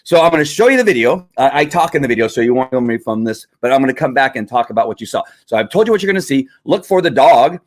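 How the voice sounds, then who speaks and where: A man's voice: mid-range voice, lively intonation, quick pace, few pauses. A man hosting a live stream, explaining dog training in a conversational, repetitive teaching manner with fillers. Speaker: livestream host and dog trainer.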